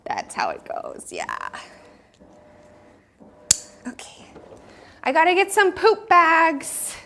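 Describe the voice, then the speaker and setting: A woman's voice: extremely high pitch, huge pitch swings, slow pace, gravelly, bright, forceful tone. A woman vlogging her day at home and on a walk, chatty and cooing to her dogs, speaking into a small clip-on microphone. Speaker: vlogger, small business owner. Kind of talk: casual day-in-the-life vlog.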